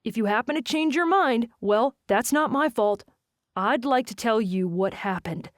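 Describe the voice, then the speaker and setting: A woman's voice: a little high, expressive, normal speed, no echo, studio quality, close to an everyday voice. A woman narrator voicing an earnest, apologetic young man pleading with his ex in an audiobook. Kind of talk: audiobook character voice.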